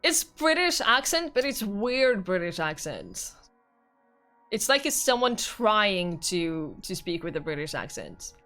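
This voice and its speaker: A woman streamer reading a visual novel aloud with expressive narration and laughing commentary. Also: mid-range voice, measured pace, soft background music.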